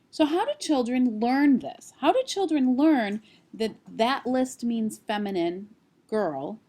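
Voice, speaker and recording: A woman in her thirties records a screencast lecture, explaining things at a steady pace. Her voice sits a little higher than most women's. Now and then she drops in small fillers before picking the thread back up. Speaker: college instructor.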